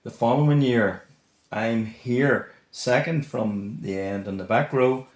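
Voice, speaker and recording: Older man reminiscing softly. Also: mid-range voice, takes it slowly, reverberant. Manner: reflective, soft-spoken reminiscing. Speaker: interviewee, former teammate.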